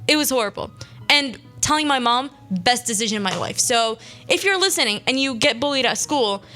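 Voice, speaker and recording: A woman's voice: high voice, sharp tone. A young woman from Syria, hosting a radio show and telling stories from her school days in a chatty way. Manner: chatty, quick asides and quoted voices. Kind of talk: casual storytelling monologue.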